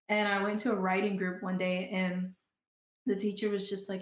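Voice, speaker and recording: A woman's voice: medium pitch, little pitch movement, moderate pace, fairly bright tone, echoey room. A young adult woman from Georgia with a Southern accent, talking casually as a guest in an interview and using many "like" fillers. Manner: chatty, frequent "like" fillers. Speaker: guest, performing artist and author.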